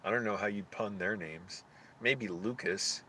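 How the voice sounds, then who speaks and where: Male streamer, lowish voice, rambling and halting, faint noise underneath. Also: pushed and bright. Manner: thinking aloud, halting and searching for names. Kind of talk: casual live-stream chat.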